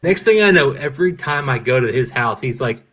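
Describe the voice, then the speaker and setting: A man in casual chat, telling an animated story and swearing freely. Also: mid-range voice, a little fast, slight background noise.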